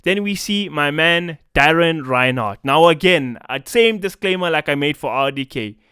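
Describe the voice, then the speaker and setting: A man's voice: on the high side, expressive, moderate pace, pushed and bright, smooth, no room sound, studio quality. A young South African man with a South African accent, ranting in a profane, casual-slang commentary vlog. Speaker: esports commentator.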